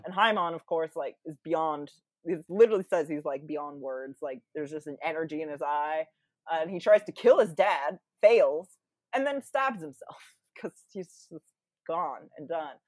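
On a podcast, a female guest casually retells a story, full of fillers and playful impressions of the people she quotes. Her low voice has lively intonation at normal speed, in clean studio sound with no room noise.

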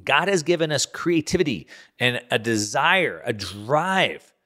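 A man's voice: medium pitch, very animated, measured pace, pushed and bright. Emphatic man hosting solo commentary. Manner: emphatic, repeats words while building a point. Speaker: podcast host.

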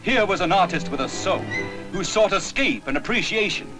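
A man's voice: high-pitched, expressive, brisk, music in the background. A man narrating a 1960s film trailer in a grand, declaiming manner, from an old film soundtrack.

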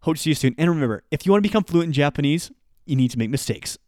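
A man's voice: a little high, expressive, rapid-fire, darkish tone, no echo. A man talks through a casual language lesson in an upbeat, chatty way. He drifts into small asides as he goes. The sound is dry and close. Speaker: Japanese teacher.

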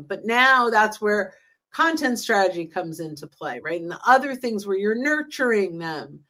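With big swings in pitch and a sharp tone, this woman speaks at normal speed from a mid-range voice. She's a LinkedIn sales trainer guesting on a podcast, enthusiastically explaining her approach and performing example dialogue in a casual chat.

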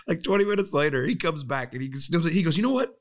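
A man's voice: on the high side, a little fast. A young man, a pro golfer and podcast co-host, telling stories in casual chat and acting out other people's voices. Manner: animated storyteller, acts out voices of others.

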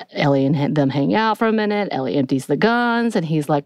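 A woman hosting a podcast, retelling a TV episode in a chatty, animated way and acting out bits of dialogue. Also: on the low side, brisk, few pauses, no room sound, studio quality. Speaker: podcast host. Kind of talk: casual episode recap.

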